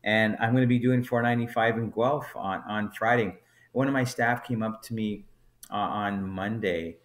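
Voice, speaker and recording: Low-voiced man telling a lively story. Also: normal speed. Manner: animated storyteller, acts out dialogue in quotes. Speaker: brewery co-founder, podcast guest. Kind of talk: storytelling anecdote in conversation.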